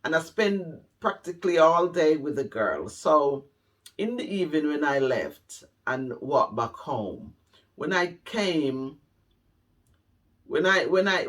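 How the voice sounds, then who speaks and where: Slow, heartfelt Jamaican man. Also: on the high side, a bit bright. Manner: slow, heartfelt, repeats phrases for emphasis. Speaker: vlogger telling his life story. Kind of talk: personal storytelling to camera. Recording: voice a bit distant from the mic.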